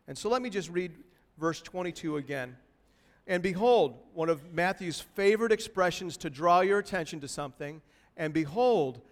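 A man preaching a sermon to a church congregation, expressive and building intensity as he acts out a pleading cry. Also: high-pitched. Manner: expressive preaching, voices a pleading woman in rising tones. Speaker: pastor. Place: church hall. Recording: long hall reverb.

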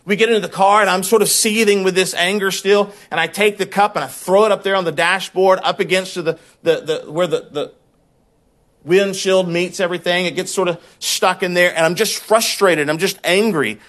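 Here a man preaches as a pastor, relating a personal tale in an animated, talky style and repeating himself when excitement builds. His voice is high and his speed is normal.

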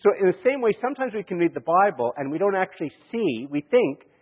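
Male preacher, storytelling sermon style, husky, heard through a thin lo-fi recording in a reverberant hall. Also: sits high, sing-song, quick pace. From Canada. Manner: storytelling, chuckling, many restarts. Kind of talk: sermon with anecdotes. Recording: echoey hall, tinny lo-fi sound.

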